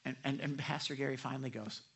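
A man preaching a sermon as pastor, animated and acting out the people in his stories. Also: mid-range voice, quick pace, breathy edge. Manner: animated, acts out quoted people.

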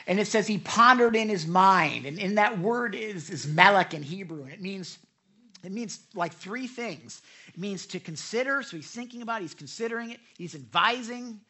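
A middle-aged male pastor preaches with lively energy, slipping into little acted scenes of the people he talks about. His voice sits a touch high for a man and rings bright and forceful. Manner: animated, acts out quoted people. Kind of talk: sermon.

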